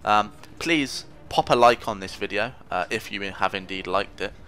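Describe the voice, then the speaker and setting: A man's voice: lowish voice, normal speed, bright, forceful tone, clear, resonant tone. A man giving casual commentary over his own gameplay, rambling, mocking himself and trash-talking opponents. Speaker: gaming commentator.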